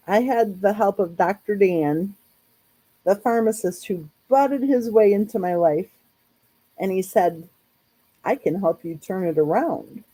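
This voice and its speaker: A woman chats casually with her viewers in a live stream. Her voice is mellow and slightly husky. She speaks slowly and rambles in a friendly way, full of little fillers. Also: medium pitch, poor audio. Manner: chatty, rambling, lots of "like" and "you know". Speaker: true crime channel host.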